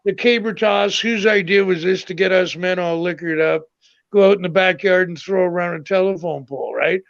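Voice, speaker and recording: A man's voice: high voice, normal speed, gravelly, lo-fi sound. A man, a comedian guest, telling stand-up stories in casual chat and acting out the voices of people in them. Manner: storytelling, acts out quoted voices.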